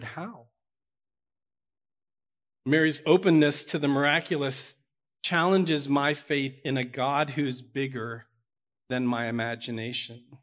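A man preaching a sermon to his church, earnest and building to emphatic peaks. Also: a little high. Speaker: pastor.

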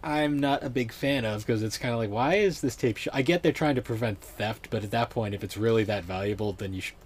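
A man's voice: lowish voice, steady tone, a little fast, slight background noise. A young man hosting a podcast in laid-back, rambling casual chat. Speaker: podcast host.

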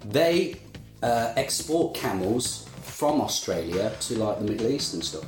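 A man telling rambling, deadpan travel stories on a podcast. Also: mid-range voice, a little slow, roomy sound, faint music behind. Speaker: podcast co-host. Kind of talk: casual anecdote chat.

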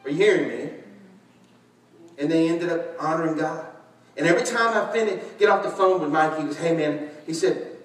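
A man preaching a sermon, telling stories animatedly, shouting and laughing as he acts out conversations. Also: on the high side, moderate pace. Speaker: pastor. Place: large church hall. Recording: echoey church hall, distant mic.

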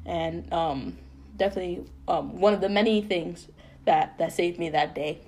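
A young woman co-hosting a podcast, telling a painful personal story in an earnest, halting way full of fillers and restarts. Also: on the low side, warm tone, a little hiss or hum. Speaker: podcast co-host.

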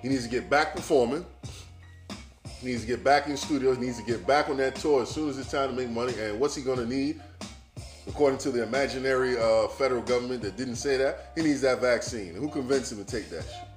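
A man hosting a podcast, talking in a loose, profane and animated casual monologue straight to his listeners. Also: mid-range voice, quick pace, echoey room, soft background music. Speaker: podcast host.

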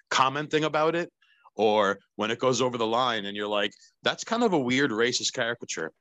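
Halting low-voiced man, dry sound. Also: sharp tone, no echo. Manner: halting, repeats words as he searches. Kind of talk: casual chat.

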